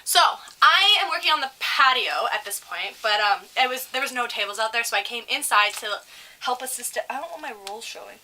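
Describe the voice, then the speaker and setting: Young female co-host, bright and animated, swears freely while ranting through stories. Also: on the high side, brisk, a little hiss or hum. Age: young adult. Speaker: podcast co-host. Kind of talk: casual storytelling chat.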